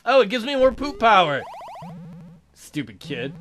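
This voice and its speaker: A man hosting a let's play of a video game, excitable, laughing and swearing as he plays. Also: high-pitched, unhurried, slight background noise. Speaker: gaming channel host.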